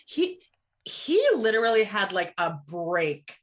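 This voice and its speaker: A woman's voice: medium pitch, very animated, slow pace. Giggly, gossipy woman podcast co-host. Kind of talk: casual chat.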